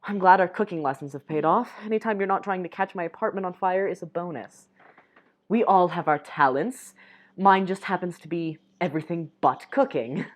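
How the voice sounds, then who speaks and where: A woman's voice: lowish voice, moderate pace. A young woman reading a dating game's text and dialogue aloud, breaking off for giggly asides. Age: young adult. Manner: reads lines softly, breaks off with giggly asides.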